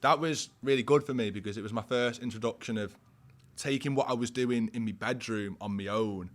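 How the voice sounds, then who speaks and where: A man's voice: mid-range voice, fairly quick. A man in his twenties with a Northern English accent, a guest musician chatting casually, slangy and full of fillers, a little tipsy after a pint. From Warrington, England. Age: 20s. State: a bit tipsy. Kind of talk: casual chat.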